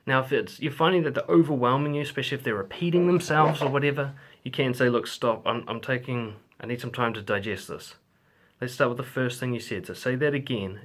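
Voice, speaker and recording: A man's voice: mid-range voice, fairly bright tone. A man giving relationship advice to camera in a blunt, sweary way, acting out example lines. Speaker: relationship coach. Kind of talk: direct-to-camera advice vlog.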